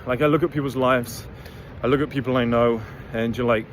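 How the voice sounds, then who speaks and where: A motivational vlogger delivers a blunt, profane, rambling monologue to camera as host of his own channel, his medium-pitched voice steady and fairly quick. A little hiss or hum runs through the recording.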